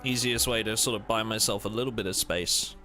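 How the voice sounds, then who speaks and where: A man's voice: lowish voice, steady tone, fairly quick, over music. A man chatting casually and jokily with viewers while playing a game on a livestream. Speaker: streamer.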